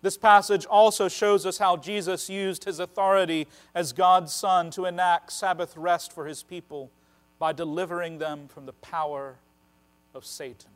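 A man preaching a sermon, earnest and emphatic, slowing down to stress key phrases. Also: sits high, fairly even intonation.

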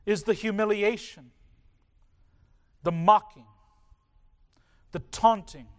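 Male pastor, high voice, slow measured sermon delivery with weighty pauses. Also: a bit bright. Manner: slow, deliberate preaching with dramatic pauses.

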